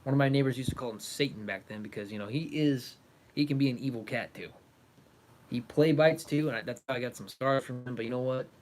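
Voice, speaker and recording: A man's voice: mid-range voice, quick pace, darkish tone. A young man hosting a casual livestream, coaxing and fussing over his cat in an affectionate voice. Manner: coaxing, affectionate pet talk. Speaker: livestream host.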